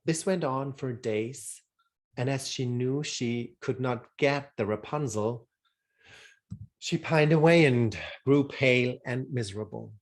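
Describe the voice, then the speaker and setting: Slow, measured male storyteller. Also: mid-range voice. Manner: slow, measured, deliberate reading. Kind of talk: reading a fairy tale aloud.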